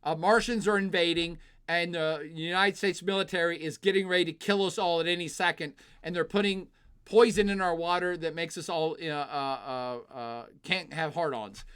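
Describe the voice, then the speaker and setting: A man's voice: a little high, moderate pace, fairly bright tone, clean tone. Blunt, opinionated man streaming live. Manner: blunt, opinionated, profane, lots of uh fillers. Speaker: live-stream host answering chat. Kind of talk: casual live-stream commentary.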